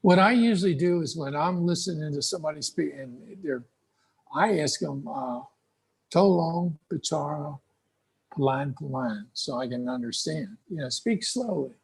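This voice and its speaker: A middle-aged American man giving folksy, relaxed advice to English learners over a video call. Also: fairly high pitch, normal speed, vocal fry, husky. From United States. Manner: relaxed, folksy, acts out little dialogues. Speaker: guest speaker.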